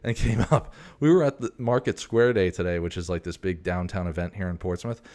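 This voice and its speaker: A man's voice: low-pitched, brisk, a little mellow. A man in his forties hosting a casual, rambling monologue, a profane storyteller who keeps drifting off on tangents. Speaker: host.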